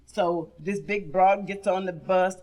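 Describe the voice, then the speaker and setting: A woman's voice: on the low side, steady tone, a little slow, darkish tone. A woman telling bawdy stand-up jokes in an earthy style, calling the audience honey. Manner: earthy, calls listeners honey. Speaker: stand-up comedian. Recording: live audience laughing along. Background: audience laughter and responses.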